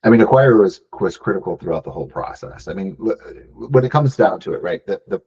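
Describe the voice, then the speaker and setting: Deep husky man, casual business talk. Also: lively intonation, a little fast, darkish tone, lo-fi sound. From Michigan. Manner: frequent "um" and "right?" tags, restarts. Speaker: business buyer guest. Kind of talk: casual interview answers.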